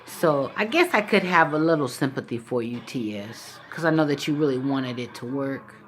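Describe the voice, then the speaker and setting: A woman with a low, deep-set voice talks casually straight to the camera. She teases and mocks in a playful, easygoing way, like a vlogger ribbing someone. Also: expressive, moderate pace. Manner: teasing, mocking, playful.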